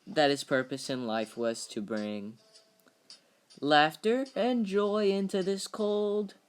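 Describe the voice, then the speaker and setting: A man's voice: fairly high pitch, fairly even intonation, slow, clean tone. A man voicing a male TV talk show host giving a showman's introduction, in a parody dub of a film script. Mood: introducing.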